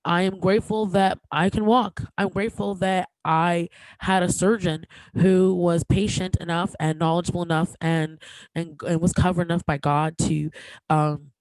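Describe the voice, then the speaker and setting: A woman's voice: lowish voice, no echo, rough recording. Emotional podcast host woman, dry sound. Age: 30s. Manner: emotional, halting, many fillers and restarts; candid and joking. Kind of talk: casual podcast monologue.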